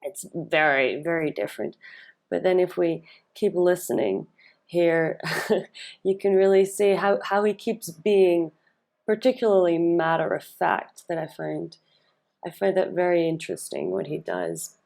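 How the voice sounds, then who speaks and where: A woman's voice: fairly low pitch, lively intonation, unhurried, gravelly, a little mellow. A woman coach analysing a speech in a video, chatting and thinking aloud with fillers and restarts, and stressing key words. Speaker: speaking and storytelling coach.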